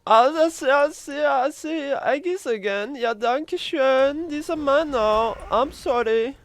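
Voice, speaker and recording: Guy doing a silly german cook accent, super high squeaky voice, begging nicely for eggs, dry sound. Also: slow pace, a bit bright, dry recording, exaggerated voice. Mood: pleading polite. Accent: put-on German. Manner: exaggerated, pleading, polite.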